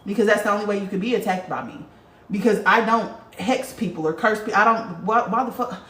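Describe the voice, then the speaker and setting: A woman's voice: medium pitch, brisk. A woman hosting a casual spiritual livestream and reading viewer comments aloud, talking bluntly with lots of swearing. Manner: blunt, profane, animated talker. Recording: roomy, distant from the mic.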